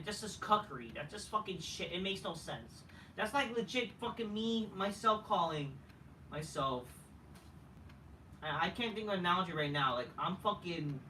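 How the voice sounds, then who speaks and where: A man rants through a wrestling review, profane and dismissive, stumbling over restarts. His voice is bright and forceful. The sound is roomy, with the mic set a little away from him and faint noise underneath. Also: on the high side, distant mic.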